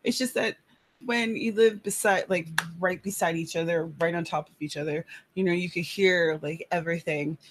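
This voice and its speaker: A woman's voice: fairly low pitch, steady tone, moderate pace, slight background noise. Chatty woman writer. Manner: chatty, rambling, many fillers. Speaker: writer hosting a live chat. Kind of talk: casual live-stream chat. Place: apartment room.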